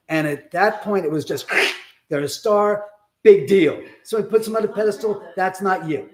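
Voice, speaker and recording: A man with a somewhat high voice hosts a live stream from his own house. He tells his story in a loose, chatty way, slipping into the voices of the people he quotes and swearing casually as he goes. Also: moderate pace.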